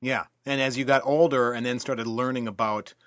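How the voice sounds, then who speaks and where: A man's voice: medium pitch, steady tone, brisk, a bit bright. Man hosting a casual podcast chat. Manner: brief encouraging replies and laughs. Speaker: podcast host.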